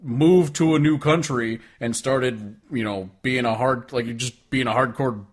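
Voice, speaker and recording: A man's voice: medium pitch, measured pace. A man co-hosting a casual podcast, talking sarcastically with frequent swearing and filler words. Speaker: podcast co-host. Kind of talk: casual chat.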